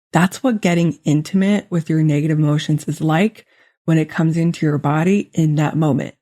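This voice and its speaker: Woman coach hosting her own podcast, gentle and earnest, reassuring teaching tone. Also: fairly low pitch. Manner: gentle, earnest, reassuring, with slow stretched phrases. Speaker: podcast host, life coach. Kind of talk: solo podcast teaching talk.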